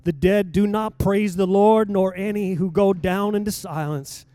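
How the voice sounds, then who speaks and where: A man, a pastor, preaching a sermon in a church and rising to loud exhortation as he reads scripture. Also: high-pitched, fairly even intonation, a little slow, no echo. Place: church sanctuary.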